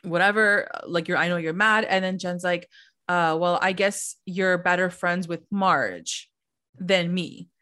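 A woman's voice: fairly low pitch, a little slow. A woman co-hosting a pop culture podcast, casually recapping a reality show episode and acting out what the cast said. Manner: animated storytelling, acting out quotes, lots of "like". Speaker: podcast co-host.

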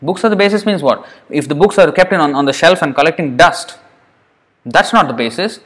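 A man's voice: a little high, animated, a little fast, a bit bright. Earnest man teaching a scripture class. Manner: earnest, repeats words for emphasis. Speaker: lecturer.

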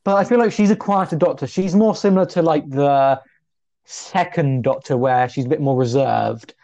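Young male co-host, gravelly and mellow, chatty and self-mocking, dull lo-fi sound. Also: normal speed. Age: 20s. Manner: chatty, self-deprecating, lively pitch jumps. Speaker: podcast co-host. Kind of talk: casual chat.

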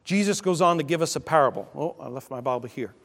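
A pastor preaching a sermon in an animated way, with sudden loud exclamations. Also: male voice, on the high side, quick pace. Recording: long church reverb.

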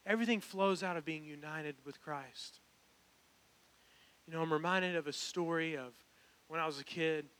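A man's voice: on the high side, moderate pace, pauses often, fairly bright tone. A young man, preaching a personal, earnest sermon that builds to emphatic calls. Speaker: pastor. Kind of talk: sermon with altar call.

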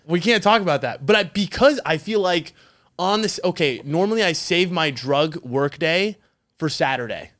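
A man with a high, lively voice chatting casually as a podcast co-host. He talks in loose, rambling bursts and swears offhand. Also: moderate pace. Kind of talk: casual chat.

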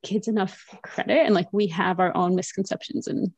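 A woman's voice: medium pitch, fairly even intonation, a little fast, darkish tone, slightly rough, no echo. A woman in her thirties, a French teacher and mother, chatting animatedly as a podcast guest with many fillers. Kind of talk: casual conversational interview.

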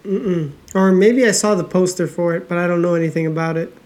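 A man's voice: high-pitched, brisk, darkish tone. Casual, swearing male podcast co-host. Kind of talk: casual chat.

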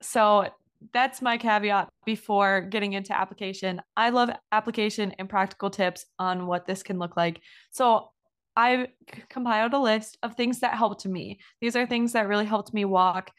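A woman's voice: medium pitch, steady tone, normal speed. Woman cohost, friendly and practical, easy laugh, plain middle voice. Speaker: podcast co-host. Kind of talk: casual faith podcast chat.

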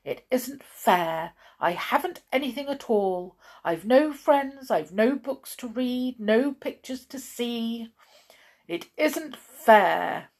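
A woman's voice: fairly low pitch, measured pace, gravelly, breathy edge, full character voice. A woman voicing a rude, bitter and lonely blind man who snaps out resentful complaints in a storybook reading.

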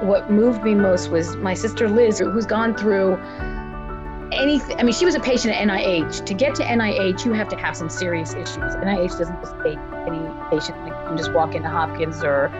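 A woman's voice: medium pitch, a little fast, music in the background. A woman guest telling a personal story in an interview, earnest in tone and voicing relatives' words as she goes. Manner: earnest, acts out family members' words.

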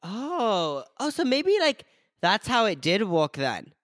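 A young man whose voice swoops up and down with lively energy. He chats on a casual podcast, giggling and filling every pause with "like." The sound is dry and close. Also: high voice, dry recording. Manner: giggly, says "like" constantly, trails off. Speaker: podcast co-host. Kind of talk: casual chat.

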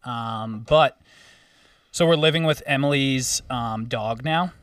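A man's voice: mid-range voice, takes it slowly, a bit bright, clear, resonant tone, no room sound, studio quality, far from the mic. A young man co-hosting a podcast, rambling and joking casually with lots of fillers. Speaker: podcast co-host. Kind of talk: casual chat.

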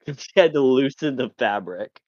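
A man's voice: medium pitch, expressive, unhurried, a little mellow, no echo. Chill guy gm'ing a tabletop game, dry close sound, bit dull and lo-fi. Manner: laid-back, chuckles while describing. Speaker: game master.

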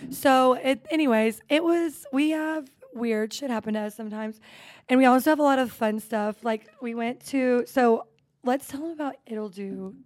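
A woman in her thirties co-hosting a podcast, telling stories in a lively, casual way with plenty of swearing and laughter. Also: a little high, moderate pace, dry recording. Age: 30s. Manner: animated storytelling with frequent swearing and laughs. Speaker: podcast co-host. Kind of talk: casual chat.

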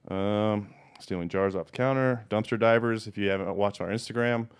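Man, fast and a bit low-pitched, blunt, swears a lot, casual storytelling host. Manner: profane, blunt, animated storyteller. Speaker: podcast host.

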